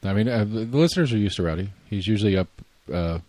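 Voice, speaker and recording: A man's voice: on the low side, animated, fast, warm tone, dry recording. A man hosting a podcast, chatting casually and playfully with his wife. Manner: playful, joking. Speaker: podcast host. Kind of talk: casual chat.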